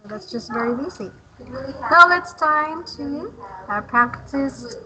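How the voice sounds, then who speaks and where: Patient, slow-speaking woman English tutor. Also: high-pitched, expressive, music in the background, low-quality recording. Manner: patient, encouraging, repeats words slowly to model them. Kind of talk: online English lesson.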